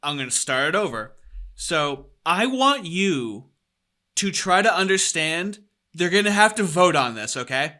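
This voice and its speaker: A man's voice: fairly high pitch, big pitch swings, measured pace, bright, forceful tone. A man hosting a podcast, reacting to clips in a profane, mocking, casual way. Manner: profane, mocking, laughs often. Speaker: podcast host. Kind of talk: casual commentary over clips.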